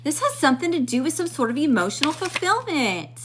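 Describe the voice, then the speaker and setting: A woman gives a live-stream tarot reading in a high-pitched, sing-song voice, talking a little fast over background noise. She addresses spirit as she pulls cards, chatting casually and greeting viewers in the chat.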